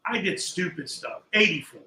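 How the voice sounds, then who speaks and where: Animated older man telling stories. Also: sits high, moderate pace, reverberant, poor audio. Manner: animated storyteller acting out quoted voices. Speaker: podcast guest. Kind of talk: casual storytelling in a chat.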